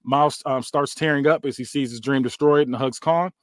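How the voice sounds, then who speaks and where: A man's voice: medium pitch, steady tone, a little fast, no room sound. Casual young man narrating play-by-play. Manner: casual, with frequent fillers. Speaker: podcast host. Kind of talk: fantasy booking narration.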